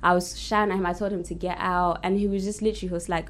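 A woman, a podcast guest in casual chat, talking haltingly with lots of fillers in an even tone. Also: fairly low pitch. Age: 20s.

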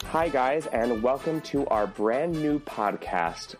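A man's voice: medium pitch, takes it slowly, faint music behind. Guy cohosting a podcast, giggly, lots of ums, voice bouncing all over. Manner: lively, giggly, trailing um's. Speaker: podcast co-host. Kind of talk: casual banter.

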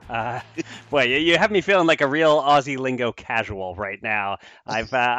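A man co-hosts a boxing podcast in a bright, forward voice, easygoing in the banter and brisk when he runs through the results. The sound is dry and close. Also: medium pitch, dry recording. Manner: easygoing, laughs along, reads stats briskly. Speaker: podcast co-host. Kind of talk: casual podcast chat and fight recap.

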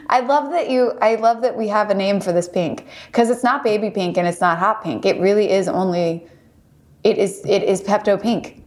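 A woman's voice: mid-range voice, normal speed, a little mellow. A woman co-hosting a podcast, chatting casually and recapping an episode with frequent laughs. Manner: bubbly, giggly, recapping. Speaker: podcast co-host. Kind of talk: casual chat.

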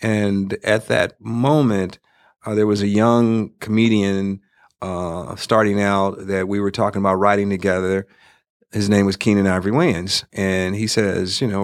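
Older male guest, lowish voice, animated storyteller, dry close mic. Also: unhurried, no room sound. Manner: animated storyteller who slips into impressions. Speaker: guest filmmaker and comedian. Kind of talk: casual interview talk.

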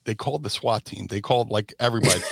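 A middle-aged man, a former wrestler telling lively stories on a podcast and acting out voices. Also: lowish voice, quick pace, creaky, breathy edge, no echo. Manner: animated, acts out voices and shouts in stories. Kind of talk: casual storytelling.

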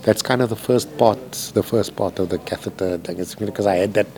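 A man's voice: on the low side, fairly quick, darkish tone, slight background noise. A man, a composer, talking candidly and emotionally in a rambling, profane way from a hospital room.

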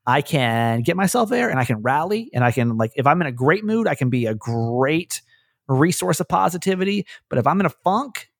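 Gravelly, candid male podcast host. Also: fairly high pitch, a little fast, no room sound, studio quality. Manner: candid, rambling, animated retellings. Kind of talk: casual podcast chat.

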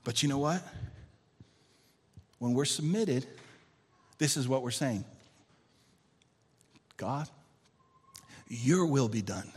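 A man's voice: mid-range voice, expressive, slow, long pauses, darkish tone, slightly rough. Preaching man in a reverberant hall. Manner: preaching with rising and falling intensity, calling for amens. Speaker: pastor. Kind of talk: sermon. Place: church sanctuary.

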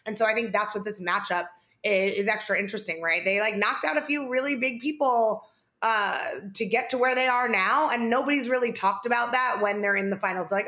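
A woman's voice: medium pitch, fairly quick, bright, forceful tone. A woman co-hosting a casual sports podcast, chatty, filling her talk with "like" and "right?". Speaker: podcast co-host.

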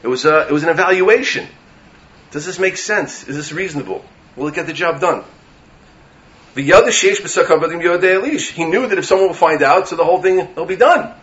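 A man giving a Torah class in an animated way, reading Hebrew verses and explaining them with rhetorical questions. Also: a little high, brisk. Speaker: Torah teacher. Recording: dull lo-fi recording.

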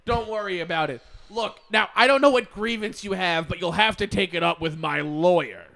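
A man's voice: high voice, moderate pace, vocal fry, fairly bright tone. A man improvising a paranoid, self-absorbed tech billionaire in a comedy sketch, talking in a whiny, rambling way that often breaks into stammers. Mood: dismissive.

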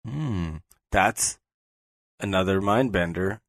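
A man co-hosting a podcast in casual chat, animated and playful in his back-and-forth. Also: sits low, slow, creaky, no echo, clean studio sound. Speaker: podcast co-host.

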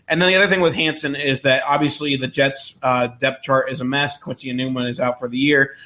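Man, podcast co-host, mid-range voice, steady explanations. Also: medium pitch, a little fast. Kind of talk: casual podcast chat.

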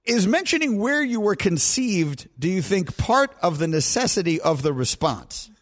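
A middle-aged man hosting a sports radio show, telling a rambling, animated story and chatting with his co-hosts. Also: high-pitched, normal speed. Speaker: radio host. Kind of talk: casual chat on sports radio.

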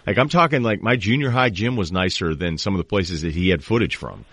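A man with a somewhat low voice, recorded close and dry with no room sound. He hosts in a casual chat, tossing in short reactions and musing questions. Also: expressive, a little fast, fairly bright tone, breathy edge, no echo. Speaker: podcast host.

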